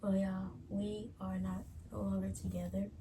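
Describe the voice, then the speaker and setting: Against a noisy background, a woman co-hosts a couples vlog, chatting casually with a giggly drawl, addressing viewers as y'all and repeatedly breaking into laughter. Her voice is mid-range and flat, at a moderate pace.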